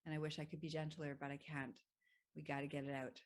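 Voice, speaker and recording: A woman voicing a gentle, loving, motherly female plant spirit who speaks softly and calmly. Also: low voice, fast, pitched below the performer's own voice, natural voice. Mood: tender. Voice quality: soft and hushed. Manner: tender, calm, consoling.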